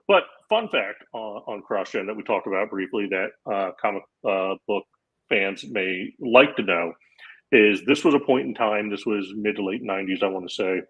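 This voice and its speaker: A man's voice: on the low side, fairly bright tone, slightly rough, low-quality recording. A man, a podcast guest, telling a rambling story in casual chat, full of fillers and restarts.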